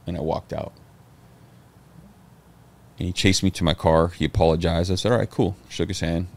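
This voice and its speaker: Speaking at a moderate pace in a low-pitched voice, this middle-aged podcast guest spins stories in relaxed conversation. He curses a lot, stays animated, and performs other people's lines as he quotes them.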